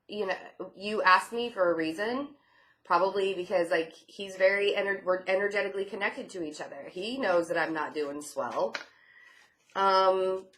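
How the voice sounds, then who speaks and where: Young female tarot reader, casual and chatty with a sarcastic edge, slightly low voice. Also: a bit bright. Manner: chatty and sarcastic, many fillers and laughs.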